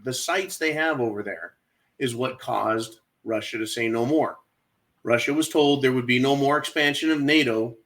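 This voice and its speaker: A man's voice: mid-range voice, a bit bright. A man hosting his own channel, delivering a sarcastic political rant and calling out to his audience as folks. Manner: ranting, keeps addressing folks and asking right?; mocking, sarcastic. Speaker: channel host.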